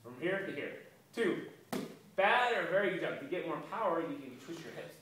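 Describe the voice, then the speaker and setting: A man's voice: on the high side, animated, quick pace, a bit bright, far from the mic, slight background noise. Upbeat man coaching a kid's karate class. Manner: encouraging, coaching with counts and praise. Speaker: karate instructor. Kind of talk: kids' self-defense lesson. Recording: echoey room, voice from off-mic.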